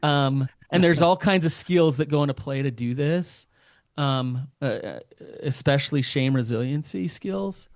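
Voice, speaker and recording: A man's voice: a little high, unhurried, dry recording, clean studio sound. A man speaking as a couples therapist in a podcast interview, earnest and often acting out what partners say. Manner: earnest, acts out quoted partners.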